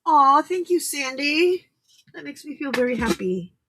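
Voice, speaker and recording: A woman's voice: high voice, animated, unhurried, a bit bright, slight background noise. A woman hosting a late-night crafting livestream, chatting casually and giggling as she greets viewers by name, with a hint of a Southern drawl. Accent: Southern US drawl at times.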